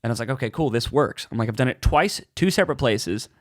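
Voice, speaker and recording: A man's voice: mid-range voice, quick pace, no echo, clean studio sound. A man, a comedian and podcast co-host, telling a story in a casual chat and acting out the voices in it. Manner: animated, acts out voices in his stories.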